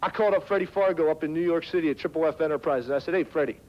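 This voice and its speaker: A man hosts a wrestling talk segment with a sneering, mocking delivery. His voice sits a bit high for a man. The sound is dull, lo-fi 1990s TV audio. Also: very fast. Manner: taunting, mocking. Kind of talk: heel wrestling promo.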